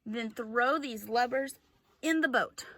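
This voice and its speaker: A gruff, greedy pirate captain barking orders, as a woman reading aloud plays him. The delivery is forceful and unhurried. The room sounds dry and close. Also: on the high side, dry recording, full character voice. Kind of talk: read-aloud storybook voice.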